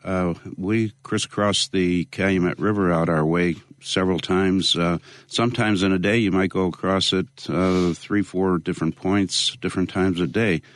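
Deep voiced guy talking slow and careful in an interview, lots of uhs, dry sound. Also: fairly even intonation, dry recording. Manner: measured, lots of uh fillers. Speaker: interview guest, local activist. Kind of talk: conversational interview.

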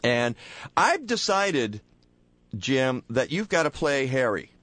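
A hoarse, playful male radio host in a dry studio. His pitch swings widely as he jokes and sets up bits for callers. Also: sing-song, takes it slowly, a bit bright, no echo. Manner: playful, joking. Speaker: radio talk show host. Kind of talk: radio show banter. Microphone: studio microphone.

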